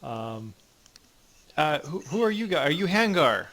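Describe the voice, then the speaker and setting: A young man as dungeon master, narrating a tabletop game with many ums and pauses. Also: fairly high pitch, big pitch swings, a bit bright, a little hiss or hum. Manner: halting, many ums, voices gruff figures in passing.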